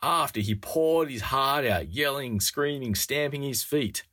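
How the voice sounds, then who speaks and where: A man's voice: mid-range voice, lively intonation, measured pace, bright, forceful tone. A man preaching a sermon in an earnest, wry way, acting out quoted lines with a rising voice.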